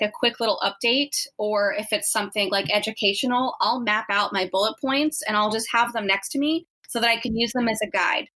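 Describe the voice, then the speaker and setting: A woman speaks as a guest on a casual podcast interview and shares encouraging advice. She talks with enthusiasm and gives her points in clear steps. Her voice is bright, with a slightly raised pitch. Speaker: guest, community founder.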